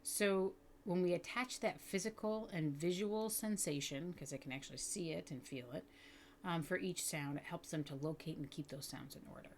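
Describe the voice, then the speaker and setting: Lady teacher explaining reading tricks, stresses every sound, slightly low voice, bit of noise behind. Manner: clear, deliberate enunciation of sounds; patient, explanatory. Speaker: literacy teacher. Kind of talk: instructional video for educators.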